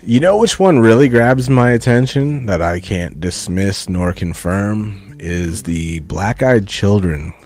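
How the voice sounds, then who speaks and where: Deep slow-talking laid-back man. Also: expressive, a little mellow. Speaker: podcast co-host. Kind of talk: casual chat.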